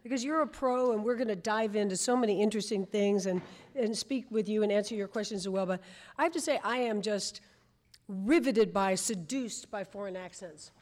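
A woman in her sixties, a guest speaker telling lively, theatrical stories in a conversation on stage before an audience. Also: medium pitch, brisk. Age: 60s.

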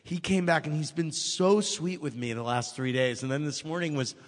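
A man, an author guest, chatting casually and telling animated stories that act out what people said. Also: a little high, moderate pace, big-room sound. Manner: animated storyteller, acts out quotes. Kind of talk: casual chat.

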